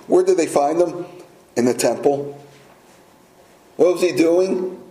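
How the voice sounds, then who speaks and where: A man's voice: a little high, slow, pauses often, warm tone. A man preaching a sermon in a conversational way, often asking the listeners questions. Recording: echoey room.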